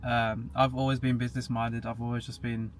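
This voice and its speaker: A man's voice: medium pitch, little pitch movement, brisk. A young man chatting casually as a podcast guest, matter-of-fact and laughing at himself now and then. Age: young adult. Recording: faint background hiss.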